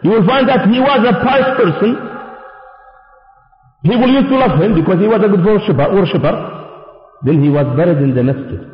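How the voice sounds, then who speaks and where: A man's voice: lively intonation, brisk, long pauses. A man giving a sermon as an Islamic preacher, emphatic, asking rhetorical questions and answering them himself. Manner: emphatic, rhetorical questions, swings high and low. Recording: echoey hall, dull lo-fi sound.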